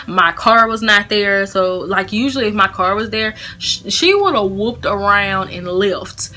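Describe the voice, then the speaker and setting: Young woman vlogger, chatty storyteller, crisp bright tone, soft background music. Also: medium pitch, a little slow. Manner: casual, chatty, laughing storyteller. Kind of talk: storytime vlog.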